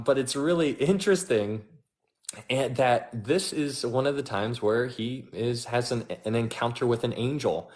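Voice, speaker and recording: A man giving a casual, animated Bible teaching as host, chatty and full of restarts. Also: mid-range voice.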